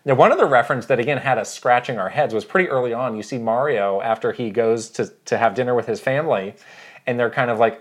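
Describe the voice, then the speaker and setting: A man co-hosting a podcast, reviewing a movie in a relaxed, casual way and thinking out loud. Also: mid-range voice, fast talker. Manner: relaxed, thinks aloud, quotes his own reactions. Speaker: podcast co-host.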